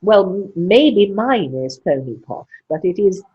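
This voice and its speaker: A woman's voice: mid-range voice, big pitch swings, measured pace, husky. An older woman with a posh English accent and very precise diction, speaking frankly in an interview. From England. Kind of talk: conversational interview. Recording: muffled lo-fi sound.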